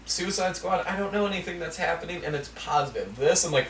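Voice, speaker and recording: Man co-host, casual movie chat, chatty and quick to laugh, heard from far off in a room. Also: sits high, expressive, a bit bright, slight background noise. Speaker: podcast co-host. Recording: echoey room, mic from far off.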